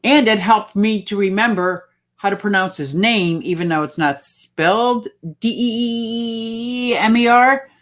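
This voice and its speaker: A woman's voice: medium pitch, measured pace. A woman hosting a casual livestream, chatting and reading out viewer comments. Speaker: livestream host.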